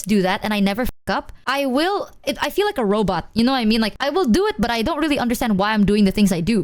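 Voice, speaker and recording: A woman streamer chatting casually and candidly with her viewers, rambling and swearing freely. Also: a little high. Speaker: VTuber streamer.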